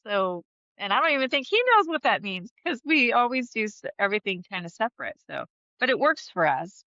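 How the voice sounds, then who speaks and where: A woman's voice: mid-range voice, bright, forceful tone, no echo, highs cut off. A woman guest talking openly in an interview, chatty, laughing often and restarting her sentences. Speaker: podcast guest. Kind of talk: candid conversational interview.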